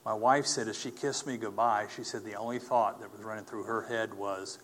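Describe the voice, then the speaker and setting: A low-voiced man recounts his testimony earnestly, pausing and restarting often. A faint hiss of noise sits under his voice. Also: fairly even intonation, a bit bright. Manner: earnest, halting, with many fillers and restarts. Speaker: speaker telling his testimony. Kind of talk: personal testimony talk.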